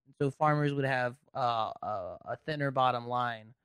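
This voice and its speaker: A man's voice: medium pitch, normal speed, fairly bright tone, smooth, no room sound. A man who is a comedian guest on a podcast, talking in crude, joking banter. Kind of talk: casual chat.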